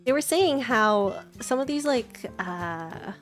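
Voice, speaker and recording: A woman's voice: fairly high pitch, expressive, slow, faint music behind. Chatty woman VTuber host, rambling. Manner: rambling, full of "like" and restarts. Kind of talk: casual chat.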